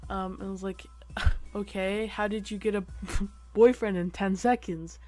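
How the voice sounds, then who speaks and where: A teenage boy telling a personal story to camera, halting and rambling with lots of fillers. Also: high-pitched, fairly even intonation, a little mellow, no echo, faint music behind. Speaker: vlogger.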